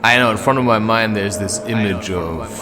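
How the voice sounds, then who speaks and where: A man's voice: on the low side, normal speed, crowd noise. A man vlogging with a handheld camera as he walks through a forest at night, musing in a meandering, self-interrupting way. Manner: meandering, self-interrupting, talks while walking. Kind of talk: rambling spiritual musing.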